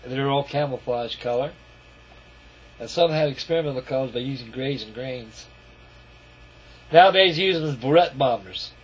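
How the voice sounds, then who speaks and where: A man's voice: medium pitch, normal speed, pauses often, a little hiss or hum. Folksy rambling man, lo-fi camera audio. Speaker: scale model builder. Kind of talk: casual model-building video narration.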